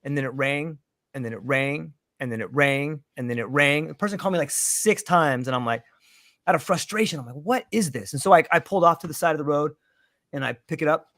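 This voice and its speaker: A man's voice: fairly high pitch, a little fast, dry recording. Man with a dry, close voice telling a story. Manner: lively, acts out the voices in his story. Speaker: panel guest telling a story. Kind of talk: casual storytelling chat.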